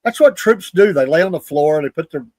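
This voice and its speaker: Male co-host, indignant and chuckling, slightly high voice, dry close recording. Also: expressive, brisk, darkish tone, dry recording. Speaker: show co-host. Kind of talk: casual political chat.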